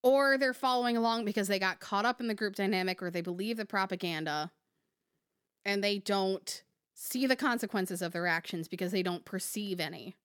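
A woman's voice: mid-range voice, fairly quick, fairly bright tone, clear, resonant tone, dry recording, clean studio sound. A woman co-hosting a casual podcast, emphatic and passionate, swearing freely. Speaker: podcast co-host.

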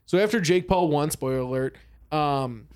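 High-voiced excitable man telling stories. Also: normal speed, clean tone. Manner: excitable storyteller, laughs often, acts out quotes. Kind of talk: casual chat.

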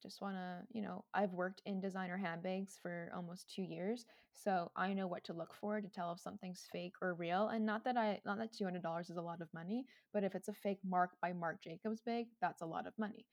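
A woman's voice: fairly low pitch, fairly even intonation, fairly quick, hardly any pauses. A young woman co-hosting a podcast, telling stories in casual, emphatic chat. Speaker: podcast co-host.

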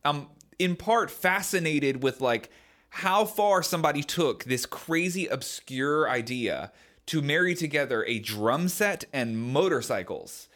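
A man's voice: fairly high pitch, animated, unhurried, fairly bright tone. A young adult man co-hosting a podcast, musing in a loose, rambling way, full of "like" and "man". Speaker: podcast co-host. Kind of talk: casual chat.

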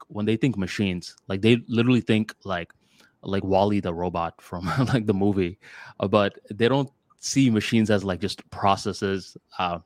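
A man with a low voice co-hosts a podcast, arguing his point in loose, rambling sentences thick with fillers. The sound is dry and close, with no room behind it. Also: no room sound. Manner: rambling, filler-heavy with lots of "like" and "dude"; animated, jumps to higher pitch when voicing others. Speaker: podcast co-host. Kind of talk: casual podcast debate.

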